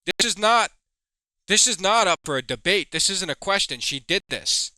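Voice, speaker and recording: A man's voice: sits high, lively intonation, normal speed, pushed and bright, no room sound. A man hosting a heated commentary video, reading chat logs aloud and swearing as he accuses someone. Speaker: commentary host.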